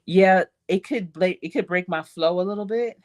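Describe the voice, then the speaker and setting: A woman's voice: fairly low pitch, normal speed, darkish tone. A middle-aged woman coach telling a story in a casual motivational talk, laughing often and calling her listeners y'all. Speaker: life coach.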